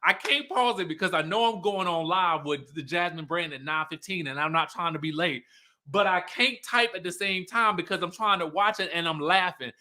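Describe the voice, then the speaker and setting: A man hosting a livestream recap of a reality show, sassy and animated, laughing often and talking straight to his viewers. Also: high-pitched, normal speed. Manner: talks straight to viewers, reads their comments aloud.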